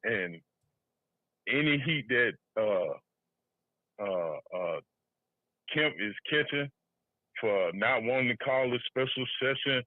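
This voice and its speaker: A man's voice: mid-range voice, expressive, dry recording. Man talking politics over a tinny line. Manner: loose, laughing, halting restarts. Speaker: podcast co-host. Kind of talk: casual political chat. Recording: tinny phone-line audio.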